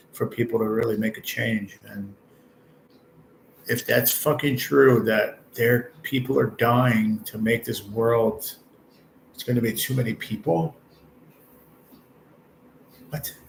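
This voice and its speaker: A man's voice: mid-range voice, creaky, slight background noise, rough recording. A man in his late forties hosting a casual livestream chat from a hospital room, talking bluntly and rambling with heavy swearing. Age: 40s. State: ill with stage four cancer. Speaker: livestream host.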